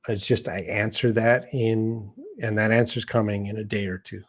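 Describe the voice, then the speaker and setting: Middle-aged man, low-ish voice, casual live-stream English teacher. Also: level tone, moderate pace. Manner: casual and conversational, reads viewer questions aloud and answers them. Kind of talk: live-streamed lesson answering chat questions.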